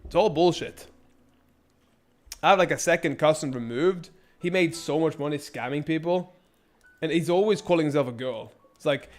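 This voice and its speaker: A man's voice: fairly high pitch, moderate pace, faint music behind. A man streaming a game and chatting with viewers, rambling, crude and sarcastic, with many restarts. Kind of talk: casual gameplay commentary.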